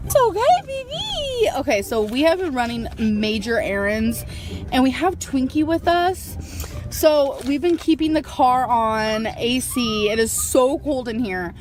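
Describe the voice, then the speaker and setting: A woman's voice: on the high side, unhurried, soft background music. A woman vlogging from a parked car, rambling and chatty as she talks to her subscribers. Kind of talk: casual vlog chat.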